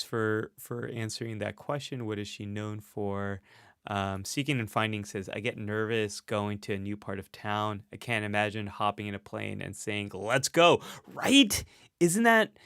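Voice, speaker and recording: A man's voice: fairly low pitch, creaky, fairly bright tone, clean tone, no echo, clean studio sound. A man hosting a casual live stream, reading out viewer comments in a chatty, self-deprecating way with frequent laughs.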